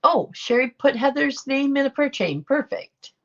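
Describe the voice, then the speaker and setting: Middle-aged woman, livestream host, unhurried and gravelly, chatty and affectionate, dull home-stream sound. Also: high-pitched, sing-song. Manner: chatty, affectionate, reacts to viewer comments. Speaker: livestream host reading chat. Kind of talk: casual livestream chat.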